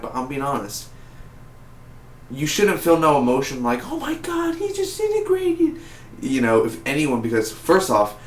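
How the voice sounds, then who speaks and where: A man's voice: lowish voice, a little hiss or hum. Rambling man reviewing an episode, roomy echo. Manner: rambling, filler-heavy, acts out scenes in quick impressions. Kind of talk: casual unscripted review. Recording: roomy, distant-sounding home recording with faint background ambience.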